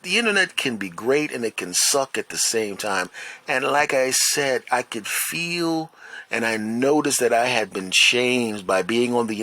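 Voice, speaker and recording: A man's voice: lowish voice, dry recording. Rambling middle-aged male podcast host. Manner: rambling, animated storytelling with self-mocking asides. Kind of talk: solo podcast monologue.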